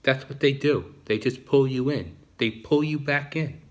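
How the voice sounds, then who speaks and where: A man's voice: mid-range voice, unhurried. A man with a New Jersey accent talking in a casual, rambling vlog monologue, often restarting and repeating himself. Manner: repetitive, frequent restarts. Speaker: vlogger.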